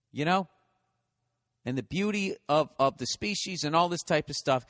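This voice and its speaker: A man's voice: a little high, fairly bright tone, long reverb tail. A man hosting a solo comedy podcast, talking in a rambling, profane, ranting way.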